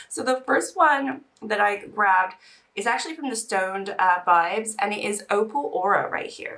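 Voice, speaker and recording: A woman's voice: mid-range voice, sharp tone, far from the mic. A young woman in casual get-ready-with-me chat, emotional and teary, sighing between bursts of chatter. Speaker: beauty vlogger. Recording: voice a little off-mic.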